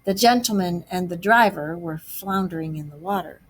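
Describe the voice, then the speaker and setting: A woman teacher narrating a storybook aloud to a class, with expressive delivery. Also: lowish voice, moderate pace, a little hiss or hum.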